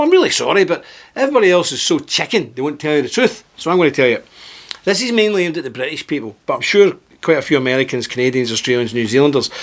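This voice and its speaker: A man's voice: a bit bright, breathy edge. A man hosting his own video channel, giving a heated, emphatic monologue to camera and reading part of it from a script. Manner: emphatic, indignant, with sudden rises in pitch; partly reading aloud from a script. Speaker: political video host.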